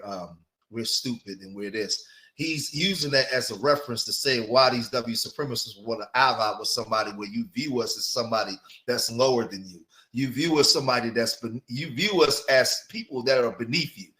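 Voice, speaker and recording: A man hosting and commenting on a debate, explaining points in a steady, drawling way. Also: medium pitch.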